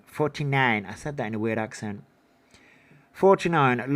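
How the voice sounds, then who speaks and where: A man's voice: medium pitch, clear, resonant tone. A man hosting a livestream in casual commentary, reading down a numbered list and adding offhand remarks. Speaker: livestream host.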